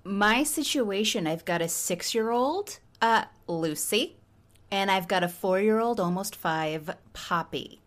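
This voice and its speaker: A woman's voice: medium pitch, slow. A woman guest telling playful stories in casual chat. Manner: playful, animated storytelling. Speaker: guest humor writer. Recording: crowd noise behind her.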